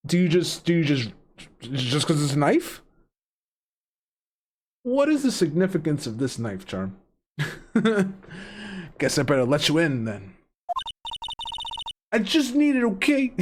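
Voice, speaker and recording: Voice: mid-range voice, a little mellow, a little hiss or hum. A streamer casually commenting on a game and reading its dialogue aloud in a jokey manner, swearing often. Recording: game music playing behind.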